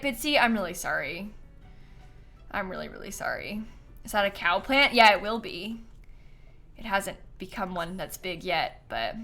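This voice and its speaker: A woman's voice: mid-range voice, a bit bright. A woman livestreaming a game, chatting casually and telling stories with frequent laughter. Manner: chatty storyteller, laughs often. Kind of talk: casual gameplay stream chat.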